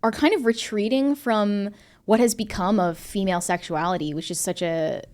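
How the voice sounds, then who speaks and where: A woman's voice: mid-range voice, steady tone, moderate pace, darkish tone. A woman guest on a podcast, giving strong opinions in casual, emphatic speech. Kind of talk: casual talk-show conversation.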